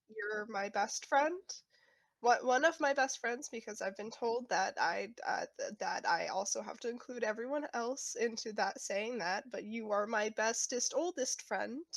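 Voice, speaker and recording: An earnest young girl, voiced by a woman at the game table, speaks heartfelt words to her oldest friend. The voice sits a little high. The sound is close and dry. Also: measured pace, no echo. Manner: earnest, heartfelt speech to a pet.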